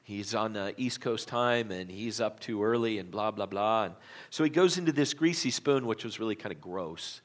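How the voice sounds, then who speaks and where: A man's voice: on the low side, animated, normal speed. A male pastor preaching a sermon, telling a story dramatically in a church auditorium. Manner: dramatic storytelling, gets loud at the tense parts.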